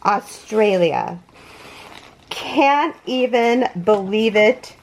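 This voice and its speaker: A woman's voice: a little high, animated, drawn-out words, slight background noise. A woman hosting a crochet unboxing vlog, gushing and awed, gasping and close to tears. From California. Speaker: crochet channel host.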